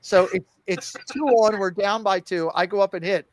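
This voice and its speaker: High-voiced, animated storytelling man. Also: moderate pace, no echo. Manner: animated, laughing storyteller who acts out quoted lines. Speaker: podcast co-host. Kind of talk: casual storytelling chat.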